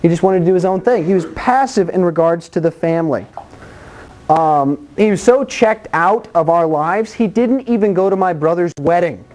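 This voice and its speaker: A preacher tells Bible stories in a sermon, animated, conversational and blunt, acting out voices and sound effects. The voice is medium in pitch at a moderate pace.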